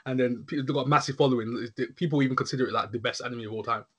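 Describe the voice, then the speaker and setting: A man with a medium-pitched voice and a breathy edge races through a casual chat. Animated and rambling, he often checks in with his listener, repeating "you know what I'm saying."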